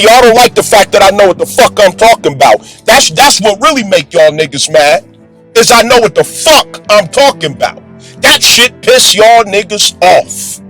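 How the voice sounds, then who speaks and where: A man delivering forceful, preachy commentary in a profane, combative way. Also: high voice, rough recording. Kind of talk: preaching commentary over music. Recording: music bed under voice.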